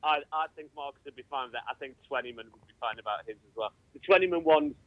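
A man's voice: mid-range voice, fast, phone-quality sound, a little hiss or hum. A man, a comedian guest on a radio show, talking in a plain, matter-of-fact and slightly hesitant way. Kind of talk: casual radio chat.

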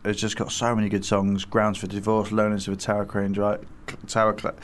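A man's voice: lowish voice, monotone, fast talker. Rambling, enthusiastic man on radio. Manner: rambling, enthusiastic, full of ums and restarts. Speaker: radio guest. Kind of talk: casual radio chat. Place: radio studio.

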